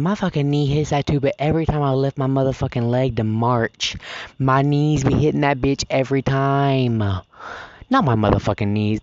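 A teenage high school student ranting casually on a podcast, profane and dramatic. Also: dry recording, highs cut off. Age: teens. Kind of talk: casual rant.

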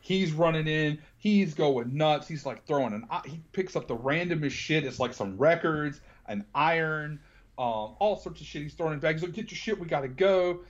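A man's voice: fairly high pitch, moderate pace, muffled recording. A man co-hosting a casual film podcast, retelling scenes and acting out lines. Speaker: podcast co-host.

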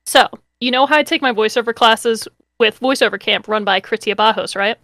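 A woman with a fairly high voice, chatting on a casual podcast. She tells an anecdote in a loose, chatty way with quick asides. The sound is dry and close. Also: a bit bright, no echo. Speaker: podcast co-host. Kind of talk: casual chat.

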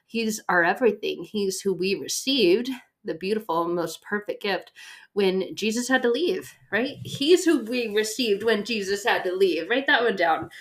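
A young woman hosting a faith podcast, chatty and animated, a little short of breath from her pregnancy. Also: medium pitch, measured pace. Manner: chatty, animated, acts out quoted voices. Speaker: podcast host.

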